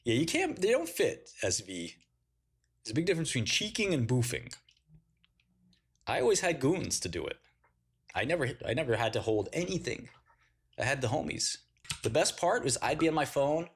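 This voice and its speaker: A man with a husky, slightly breathy voice rattles off crude, slangy stories on a casual livestream. His pitch swings around, and he laughs often. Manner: slangy storytelling. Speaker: livestream host.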